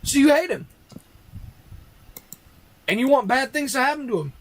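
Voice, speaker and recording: A man's voice: extremely high pitch, very animated, normal speed, rough recording. A man ranting on a casual livestream, arguing with rhetorical questions and repeating his points.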